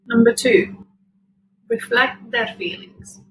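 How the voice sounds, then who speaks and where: A woman hosting a parenting show, giving scripted advice in a calm, measured, reassuring way. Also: fairly high pitch, a little hiss or hum, poor audio. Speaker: podcast host.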